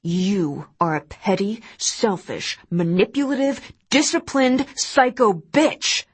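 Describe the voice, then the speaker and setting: A woman's voice: mid-range voice, slow pace, slightly rough. A woman voicing a bitter, furious husband. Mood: accusing. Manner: harsh, accusing. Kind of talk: audiobook narration.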